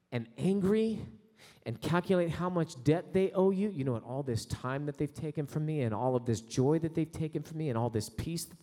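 A male pastor preaching a sermon, building to slow, loud, rising prayer passages. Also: fairly high pitch. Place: church sanctuary. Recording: long hall reverb.

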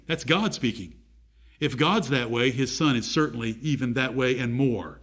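A man's voice: medium pitch, normal speed, a bit bright. A man preaching a sermon, reading scripture aloud and asking his listeners direct questions.

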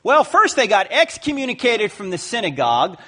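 A man in his fifties giving a lively talk to a live audience in a large hall, acting out the voices in his stories. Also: high-pitched, moderate pace. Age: 50s. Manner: lively storyteller who acts out quoted voices. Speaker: Christian apologetics speaker. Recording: long hall reverb.

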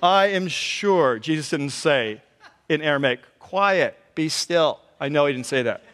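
A man preaching a conversational sermon as a pastor, telling the story in an animated way and acting out the quotes. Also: a little high, moderate pace. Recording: long hall reverb.

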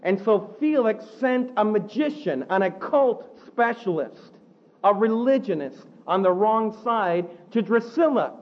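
A man preaching a sermon, animated, acting out the quotes he tells. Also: sits high, a little slow, dull audio. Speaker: pastor.

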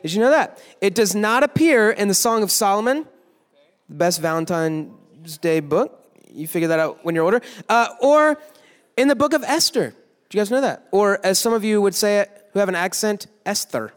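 A young man giving a joking youth sermon, teasing the crowd with quick asides in a large worship hall. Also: high-pitched, expressive, clean tone. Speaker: youth pastor. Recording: echoey hall.

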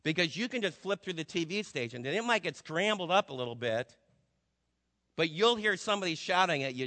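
A man's voice: fairly high pitch, lively intonation, brisk, pushed and bright. A man from New Jersey preaching a sermon as pastor, talking to the congregation in a loose, conversational way with rhetorical questions. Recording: long hall reverb.

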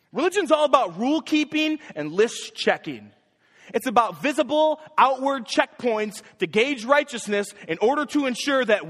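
A young man preaching a sermon as a young adults pastor, emphatic, with sharp rises in pitch on his key points. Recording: long hall reverb.

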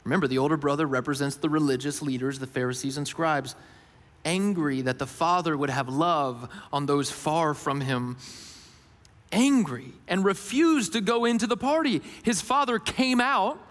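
A man delivers a sermon in a high, earnest voice. His questions climb and his key points drop low and slow. A long hall reverb trails every phrase. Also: fairly bright tone. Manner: earnest, rises for questions and drops low for emphasis. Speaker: pastor.

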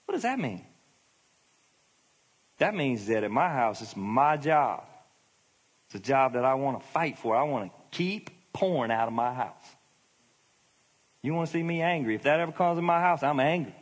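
A man's voice: medium pitch, moderate pace. A middle-aged male pastor giving a sermon, in a conversational, emphatic preaching manner. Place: church hall. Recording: long hall reverb.

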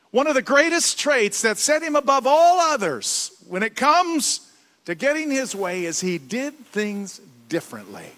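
An older man gives a sermon in a church, and his voice comes out high and bright. He tells stories in a lively way and slips into character voices. Long hall reverb hangs after each phrase. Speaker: guest preacher. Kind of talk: sermon with a told joke. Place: church sanctuary.

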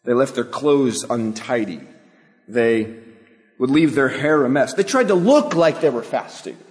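A man's voice: mid-range voice, lively intonation, measured pace, a little mellow. A male pastor preaching a sermon, emphatic and full of rhetorical questions. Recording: long hall reverb.

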